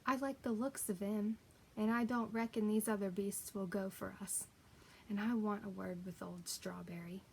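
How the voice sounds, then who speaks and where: A woman's voice: mid-range voice, fairly even intonation, moderate pace, creaky, darkish tone, slight background noise, close to an everyday voice. A woman voicing a plain-spoken working man, a cab driver who talks in homely dialect. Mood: friendly. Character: rough-spoken working man, a London cabby.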